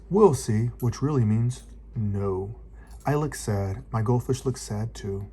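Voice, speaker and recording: A man reads a picture book aloud to a child, gentle and expressive. His pace is slow and unhurried, and the tone is mellow and dark. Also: lowish voice, slight background noise. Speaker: storybook reader.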